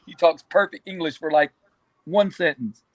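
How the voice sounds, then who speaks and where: High-pitched male host, dry close sound, laid-back chatter. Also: moderate pace, dry recording. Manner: laughs often, ends phrases with "man". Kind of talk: casual chat.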